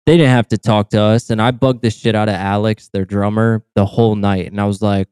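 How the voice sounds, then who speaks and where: A man co-hosting a casual podcast, laid-back, swearing often and quick to laugh. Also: fairly low pitch, steady tone, a little mellow, smooth, dry recording, studio quality. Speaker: podcast co-host. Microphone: podcast mic.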